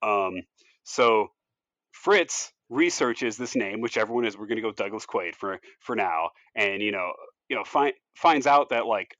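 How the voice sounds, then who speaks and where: A man casually pitching a movie story on a podcast, rambling loosely with lots of "like" and "you know" and frequent restarts. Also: expressive, measured pace, fairly bright tone, no room sound, dull audio. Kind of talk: casual chat.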